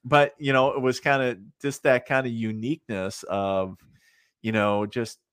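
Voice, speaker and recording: A middle-aged psychic medium tells stories casually in an interview, rambling with many fillers and asides and laughing at his own tales. His mid-range voice is level, unhurried, fairly bright and smooth, in clean studio sound with no room noise.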